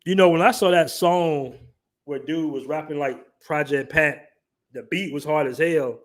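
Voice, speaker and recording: Young guy w/ an african american vernacular english accent doing a casual livestream, bit higher pitched, laid back and jokey, lots of slang. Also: a little slow. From southern United States. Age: young adult. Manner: loose and joking, heavy slang, reads chat aloud. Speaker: livestream host.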